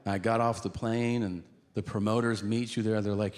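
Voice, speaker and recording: Animated male stand-up comic in a hall. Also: mid-range voice, normal speed. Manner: animated storytelling, acting out both sides of dialogues. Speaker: stand-up comedian. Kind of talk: stand-up set. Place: theater stage. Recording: live in a big hall with loud ambience.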